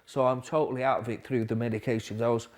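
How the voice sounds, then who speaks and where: A man speaks as a podcast guest, with a voice of middling pitch. His story comes out halting and low, full of restarts, and it gets quieter where the story is hardest. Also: little pitch movement. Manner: quiet, halting storytelling with restarts, dropping softer at hard moments. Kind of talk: recovery story interview.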